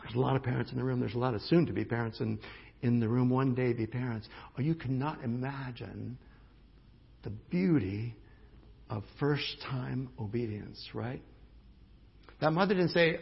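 A man's voice: medium pitch, moderate pace, creaky, breathy edge. A male pastor preaching a sermon, telling a story in a conversational way with emphatic restarts. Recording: dull lo-fi sermon recording.

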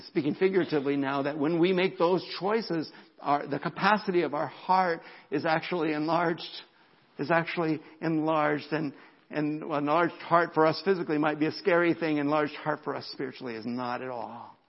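Man, pastor mid-sermon; gravelly voice, dull lo-fi church recording. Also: fairly high pitch, normal speed. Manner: animated, repeats words, drops to a whisper for emphasis.

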